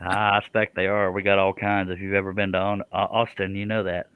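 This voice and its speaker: A man's voice: low voice, little pitch movement, a little fast, clear, resonant tone, no echo, phone-quality sound. A man hosting a casual woodworking live stream from his workshop, joking about himself and reading viewer comments aloud. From Texas.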